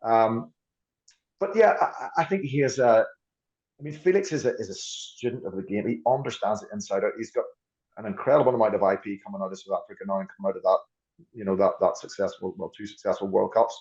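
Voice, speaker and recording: Talking fast in a lowish, slightly mellow voice, a rugby coach discusses ideas as a podcast guest, often backing up to restart and repeat himself while he thinks. The sound is lo-fi.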